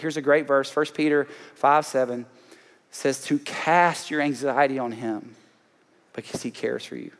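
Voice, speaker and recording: A man from Alabama with a Southern accent, preaching a sermon to a congregation with emphatic call-outs. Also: mid-range voice. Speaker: pastor. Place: large church auditorium. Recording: long hall reverb.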